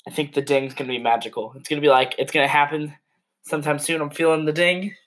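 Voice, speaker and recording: A man's voice: fairly high pitch, steady tone, quick pace, fairly bright tone. A young man co-hosting a casual podcast, rambling with lots of "like" and chuckling at his co-host. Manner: rambling, lots of "like" and restarts, easily amused. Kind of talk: casual chat.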